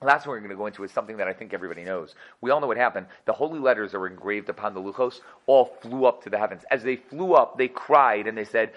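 A man teaching an energetic Torah class, full of rhetorical questions and quick laughs. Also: medium pitch, dull audio.

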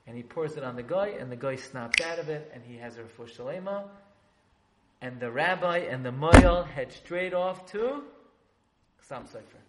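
A man telling a story to a class, lively and joking with his listeners in a room with an audience. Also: fairly high pitch, moderate pace. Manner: animated, joking asides with the audience. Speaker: religious teacher. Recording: echoey room, faint background noise.

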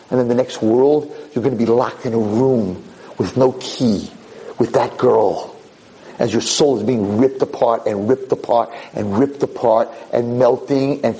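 Brief: male rabbi, mellow tone, lively storyteller, repeats for emphasis. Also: medium pitch, low-quality recording. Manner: animated, repeats words for emphasis. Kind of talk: Torah lecture storytelling.

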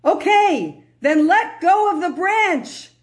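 A woman voicing God speaking from heaven, calm and patient. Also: extremely high pitch, slow, voice pushed up, heavily acted.

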